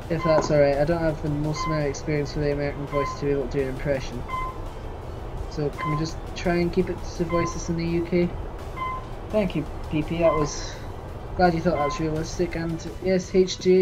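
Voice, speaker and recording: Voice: mid-range voice, rough recording. A streamer chatting casually while playing a building game, reading and answering viewers in chat. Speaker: live-streamer. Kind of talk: casual gameplay live stream.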